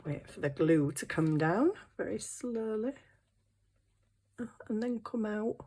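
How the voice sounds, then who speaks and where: A woman's voice: mid-range voice, expressive, measured pace, mellow. A middle-aged woman, chatting to herself while crafting in a casual vlog, flustered and apologetic. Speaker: craft channel host.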